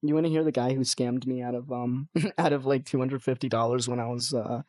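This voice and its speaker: A man's voice: fairly quick, dry recording. Young man, American accent, casual podcast chat, storyteller, dry close sound. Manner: animated storyteller, swears, mimics others in high voices. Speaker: guest musician.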